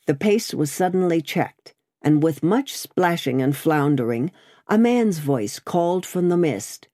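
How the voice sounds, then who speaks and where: A woman narrating an audiobook in a steady, measured reading voice. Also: deep voice, no room sound, studio quality.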